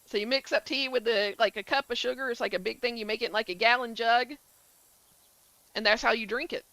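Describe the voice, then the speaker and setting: Bright-voiced woman streamer. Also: on the high side, steady tone, fairly quick, dry recording, rough recording. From southern United States. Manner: chatty, answers chat, many filler likes. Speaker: gaming streamer. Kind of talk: casual chat while streaming a game.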